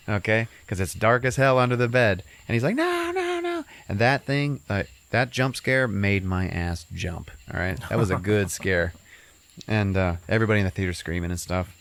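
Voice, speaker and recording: A man's voice: fairly low pitch, lively intonation, normal speed, no echo. A man hosting a podcast, casually retelling a movie plot in a rambling, profane way full of fillers. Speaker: podcast host.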